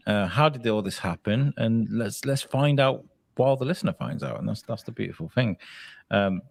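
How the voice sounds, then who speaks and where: A man co-hosting a podcast, with a low voice that swings up and down as he tells a story. He laughs often and talks casually. The sound is close and dry. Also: expressive, moderate pace, creaky, slightly rough, dry recording. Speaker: podcast co-host. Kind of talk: casual chat.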